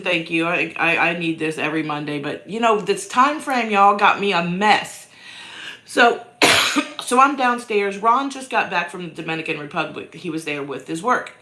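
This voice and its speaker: A woman's voice: medium pitch, lively intonation, unhurried, pushed and bright. A woman hosting a casual livestream chat from home, rambling and self-mocking, with a cough that keeps breaking into her voice. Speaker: host answering viewer questions. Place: downstairs at home.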